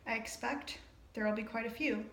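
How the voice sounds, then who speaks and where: A woman's voice: on the high side, steady tone, moderate pace, a bit bright. A woman reading aloud as a stern older witch who is a headmistress, in a dry, wry manner. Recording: roomy echo.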